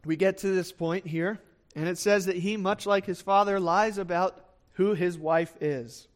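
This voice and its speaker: A pastor with a high voice gives an expository sermon, reading a scripture passage aloud and then unpacking it. His delivery is relaxed and conversational, with fillers and quick acted asides voicing the people in the story.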